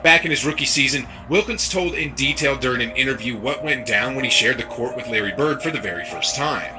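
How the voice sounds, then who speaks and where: A man giving scripted narration for a sports story video, in an even storytelling read. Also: medium pitch, brisk, over music.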